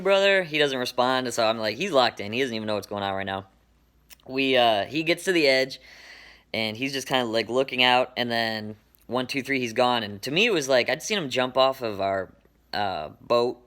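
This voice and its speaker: A man telling a personal story in a casual, animated way, laughing often and quoting himself. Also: mid-range voice.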